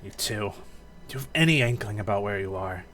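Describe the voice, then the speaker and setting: A streamer voicing a gruff lizard outlaw who talks in a curt, dismissive way, reading game dialogue aloud. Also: low-pitched, lively intonation, brisk, a bit bright, soft background music.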